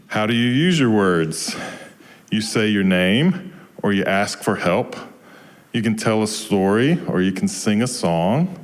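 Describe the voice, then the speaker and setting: A man from Georgia in the US, a minister leading a children's story time in a service, who talks gently and keeps asking the children questions. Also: fairly low pitch, expressive, unhurried. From Georgia, USA. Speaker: guest minister.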